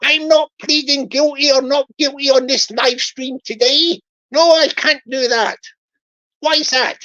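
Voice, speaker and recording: A woman's voice: sits high, steady tone, a bit bright, dull audio. A woman voicing a cheeky accused man who stalls and giggles while dodging a scam charge. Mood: stalling. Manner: evasive, giggling, drawn-out stalling.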